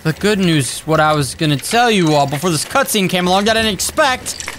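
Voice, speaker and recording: A man giving rambling, excitable let's-play commentary, talking to his viewers as he plays. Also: high voice, fairly quick, a little hiss or hum. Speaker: gaming YouTuber. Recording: game music behind.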